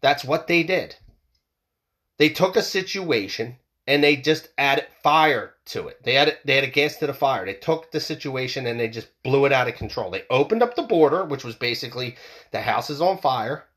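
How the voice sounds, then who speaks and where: A man's voice: medium pitch, lively intonation, normal speed, a bit bright. A man ranting heatedly, swearing often and repeating himself as he works up his argument. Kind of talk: political rant monologue.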